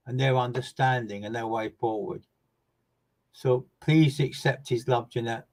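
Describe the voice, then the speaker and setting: Brief: male medium, earnest and emphatic, mid-pitched voice, repeats phrases, loud bursts that drop to soft asides. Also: low-quality recording. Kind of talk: live online mediumship reading addressing viewers by name.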